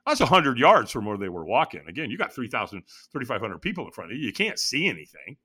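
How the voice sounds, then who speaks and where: Man, interview guest, dramatic storyteller, very lively pitch, bright tone. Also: fast talker, husky. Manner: animated, dramatic retelling.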